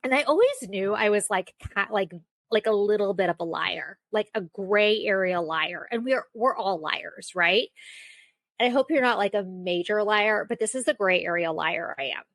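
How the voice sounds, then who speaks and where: A woman's voice: medium pitch, expressive, normal speed, a bit bright, no echo. A young woman hosting a casual solo podcast, telling a self-mocking story with lots of fillers. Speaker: podcast host.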